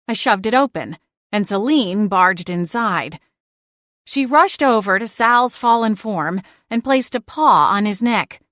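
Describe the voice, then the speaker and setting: A woman narrating a first-person audiobook in a lively, expressive way. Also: medium pitch, dry recording, studio quality.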